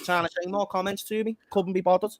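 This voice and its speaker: A fired-up man holds forth on football and swears without a second thought. His voice sits fairly high, and the sound is dry and close with little room echo. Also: flat delivery, fast. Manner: passionate, ranting, swears freely. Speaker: fan channel co-host. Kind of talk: heated football fan chat.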